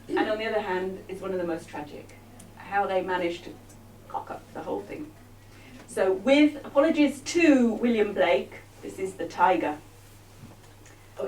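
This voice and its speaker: Woman stage comic, wry and teasing, lively high voice, heard far off in a roomy hall. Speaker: comic performer. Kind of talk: live comic show with audience banter. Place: arts venue stage.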